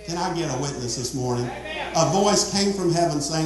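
A man's voice: fairly high pitch, fast. A man preaching a sermon as pastor, emphatic and repetitive, calling out to the congregation. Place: church sanctuary. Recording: very echoey church hall.

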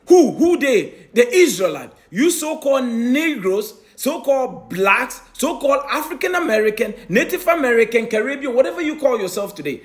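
A man preaching a sermon with emphatic delivery. He fires off rhetorical questions tagged with "eh?" and swings from loud declarations to low mutters. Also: sing-song, normal speed, hardly any pauses.

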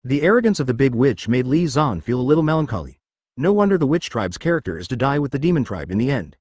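A man narrating a web novel aloud in an even, machine-like reading. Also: mid-range voice, quick pace, slightly rough, no echo, studio quality. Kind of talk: text-to-speech novel reading.

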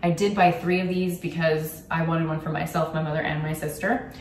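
A woman's voice: deep voice, fairly even intonation, a little fast, recorded from a distance, a little hiss or hum. A young woman vlogging casually about gift ideas, candid and chatty with frequent ums. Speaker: YouTuber. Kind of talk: casual gift-guide vlog. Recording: roomy echo, from off the mic.

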